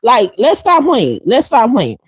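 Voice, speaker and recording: A woman's voice: a little high, huge pitch swings, a little slow, husky, no room sound, low-quality recording. A woman hosting a livestream, delivering heated commentary in a fiery, sassy, emphatic way and repeating her points for effect. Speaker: livestream host.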